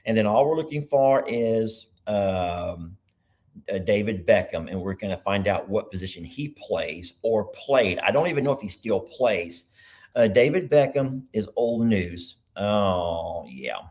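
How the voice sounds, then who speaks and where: A man's voice: fairly low pitch, animated, a little slow, a little mellow. Rambling, chatty man hosting a livestream. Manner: rambling, chatty, thinks aloud. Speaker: livestream host. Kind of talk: casual live chat.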